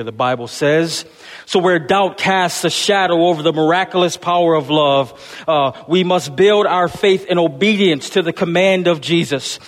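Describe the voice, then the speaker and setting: A man preaching an Easter sermon to his congregation in a church, calling them "church" and building rhythmic repeated refrains. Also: a little high. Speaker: pastor. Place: church sanctuary. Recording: long hall reverb.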